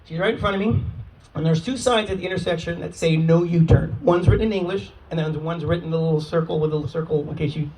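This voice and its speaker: A man in his forties telling brash, profane stand-up stories in an animated way. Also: on the high side, quick pace. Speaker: stand-up comedian. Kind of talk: stand-up storytelling. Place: live comedy venue. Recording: distant mic with a crowd, comedy club.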